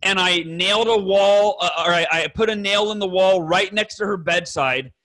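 Earnest man in his thirties, high, bright voice, rambling confessional guest who keeps clearing his throat. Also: normal speed. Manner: earnest, rambling, self-correcting, swears. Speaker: podcast guest. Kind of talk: emotional personal story to fathers.

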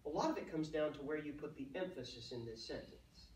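A man's voice: on the high side, expressive, a little mellow, far from the mic, slight background noise. Man teaching a church class, roomy. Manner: conversational, asks the class questions, slow emphatic stresses. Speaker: Sunday school teacher. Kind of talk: adult Bible class teaching. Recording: roomy sound, speaker off mic.

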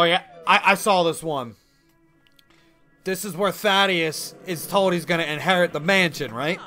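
Man, excitable gamer host, swooping bright voice, quick to laugh, casual slang. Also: a little high. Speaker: YouTuber playing a life-sim game. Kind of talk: casual let's-play commentary.

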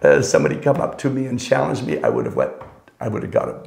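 An older man, a storyteller guest, tells rambling, wry anecdotes in casual conversation and often corrects himself mid-sentence. His mid-range voice is fast, a little mellow, with vocal fry and wildly swooping pitch, and the recording has a roomy echo.

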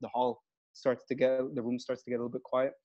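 A man's voice: medium pitch, very fast. A man from Egypt, a comedian, chatting in an interview and acting out his stage routine with lots of swearing. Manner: animated storyteller, acts out his stage bits, swears freely. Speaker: comedian guest. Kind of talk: casual interview chat. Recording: muffled lo-fi video call audio.

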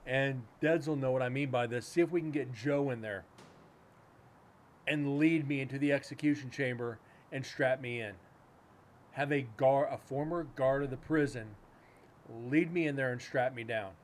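A man's voice: medium pitch, moderate pace, a little hiss or hum. Rambling, profane male livestream host. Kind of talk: casual livestream chat. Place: home room with a cat nearby.

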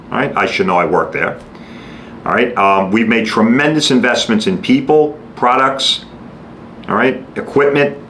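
A man's voice: fairly low pitch, a bit bright. A middle-aged man, hosting a podcast in a blunt, salesy monologue that swears freely and keeps asking "all right?". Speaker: podcast host. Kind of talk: casual monologue. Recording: echoey room, faint background noise.

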